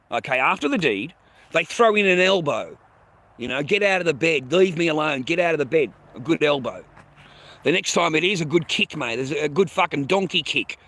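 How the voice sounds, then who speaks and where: Calling his viewers mate and bro, a livestream host goes on a blunt, foul-mouthed, repetitive rant at the chat in a fairly high, sharp voice.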